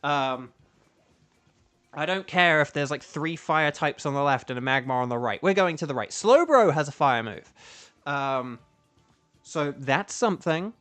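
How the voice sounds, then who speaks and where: A man's voice: on the high side, lively intonation, unhurried, fairly bright tone, soft background music. A man chatting casually with viewers while streaming a video game, rambling with lots of fillers. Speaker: streamer and voice actor. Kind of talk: casual gaming livestream chat.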